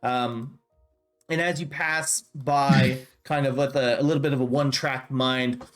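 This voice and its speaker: Game master brief: young man, relaxed narration, lots of uh and kinda, music under it. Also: medium pitch, measured pace. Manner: loose narration full of fillers like uh and kinda.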